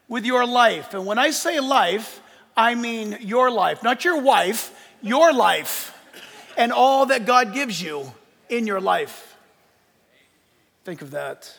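An older man preaching a sermon as pastor, animated and emphatic, joking as he goes. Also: high voice, gravelly, long reverb tail.

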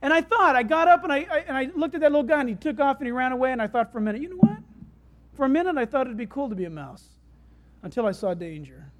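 A preacher telling homely stories in a sermon, talking in a conversational way that swings between loud, excited stretches and hushed, quiet ones. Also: high voice, racing. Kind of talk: sermon with storytelling.

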